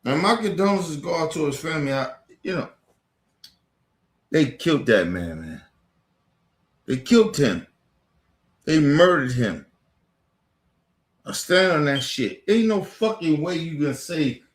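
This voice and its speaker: A man in an angry, profane rant, repeating himself, swearing constantly, swinging from near-shouts down to low mutters. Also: animated, a little slow, long pauses, echoey room. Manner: heated, repetitive, swears constantly, rising to near-shouts then dropping low. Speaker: streamer ranting on camera.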